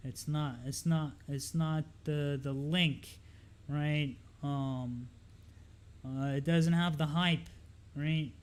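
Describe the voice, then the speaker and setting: A young man from Lebanon talks loosely over trading charts on a live stream, pitched a touch above most men. He drifts and repeats himself, filling pauses with ums and asides. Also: steady tone, clear, resonant tone. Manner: loose, rambling, lots of fillers and repeats. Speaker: market analysis streamer.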